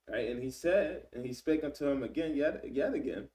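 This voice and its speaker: A man reading scripture aloud and explaining it in relaxed everyday slang, often checking in with "right?". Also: medium pitch, moderate pace, hardly any pauses, distant mic. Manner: reads scripture then paraphrases in slang, frequent "right?". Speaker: Bible teacher. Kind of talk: casual Bible study reading and commentary.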